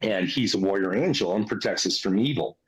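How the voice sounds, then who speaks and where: A man being interviewed casually tells the story of a near-death spiritual experience, earnest and conversational. His voice is fairly low and a little fast, and the recording is rough.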